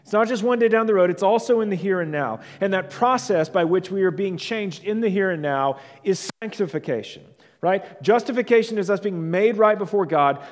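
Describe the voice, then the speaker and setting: A man preaching a sermon in an earnest, emphatic way, repeating key phrases and dropping his voice low on the words that matter. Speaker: pastor. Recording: long reverb of a large hall.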